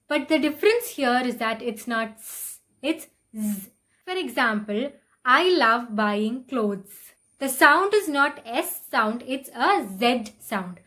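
A woman giving a scripted pronunciation lesson, saying each word slowly and deliberately and then using it in an example sentence. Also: sits high, expressive, fairly bright tone. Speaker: English pronunciation teacher.

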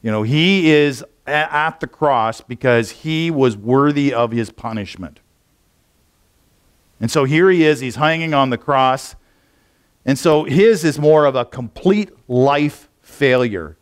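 A pastor's slow, medium-pitched voice with a clean tone carries a church sermon. His manner is relaxed and rambling, conversational, with many fillers and restarts.

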